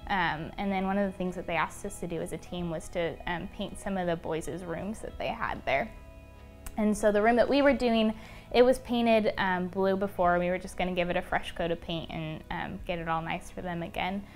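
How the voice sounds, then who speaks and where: A woman's voice: fairly low pitch, normal speed, soft background music. A young woman being interviewed, telling a personal story in a casual, chatty way, full of "um" and "like". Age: young adult. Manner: chatty, many fillers like "um" and "like". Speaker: interview guest.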